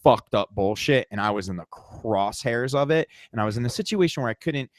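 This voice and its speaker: Animated, swearing podcast man. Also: medium pitch, fairly quick, dry recording, studio quality. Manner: animated, swears a lot, acts out quotes. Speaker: podcast co-host. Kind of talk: casual chat, storytelling.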